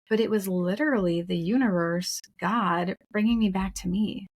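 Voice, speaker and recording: A woman's voice: medium pitch, normal speed, hardly any pauses. A woman co-hosting a podcast, telling her own story in a frank, emphatic, casual way, swearing now and then. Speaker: podcast co-host. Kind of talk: candid conversational storytelling.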